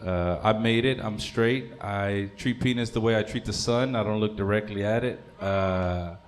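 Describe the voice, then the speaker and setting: A man's voice: lowish voice, normal speed. A man in his thirties doing a stand-up comedy set, rambling and crude, stopping on fillers. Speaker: stand-up comic.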